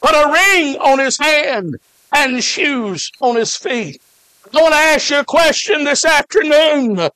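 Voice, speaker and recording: A man from Alabama, preaching a fervent revival sermon, shouting and drawing out his words with frequent "uh" fillers. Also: very high voice, lively intonation, takes it slowly, dry recording.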